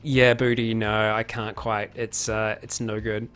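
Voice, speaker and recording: A man's voice: fairly low pitch, little pitch movement, a little slow, fairly bright tone, clean tone, faint music behind. A man chatting casually on a live stream, answering viewer questions with lots of fillers, restarts and chuckles. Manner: rambling, many fillers and restarts, chuckles often.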